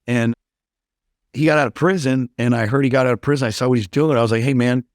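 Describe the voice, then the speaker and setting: A man's voice: mid-range voice, steady tone, quick pace, dry recording, clean studio sound. A middle-aged man talking candidly as a podcast guest, intense and blunt, swearing freely. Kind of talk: candid interview talk.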